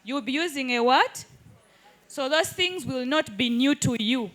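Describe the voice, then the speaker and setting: A woman's voice: high voice, lively intonation, unhurried, fairly bright tone. A woman teaching a live hands-on workshop in an indoor training room, keeps checking that the group follows. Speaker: digital skills trainer.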